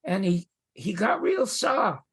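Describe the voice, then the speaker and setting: An older man, a podcast guest, tells a long show-business story in an animated way, jumping into other people's voices as he quotes them. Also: high voice, slow, husky. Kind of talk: anecdotal storytelling.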